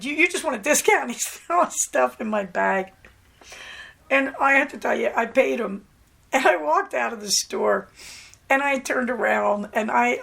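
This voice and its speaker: With a slightly high, gravelly voice, a female podcast host tells a story in a casual monologue. She's animated, laughs often, and acts out the voices of the people she quotes.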